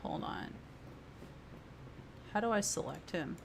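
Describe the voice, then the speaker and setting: A woman's voice: on the low side, expressive, slow, gravelly, background noise. A woman giving casual let's-play commentary, chatty and thinking aloud as she decides what to do next. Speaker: gameplay streamer.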